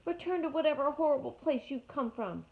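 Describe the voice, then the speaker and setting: A small, squeaky male weasel, frightened and hostile, calling out high and loud, as a woman reads him aloud. The audio is thin and phone-like. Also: expressive, a little fast, gravelly.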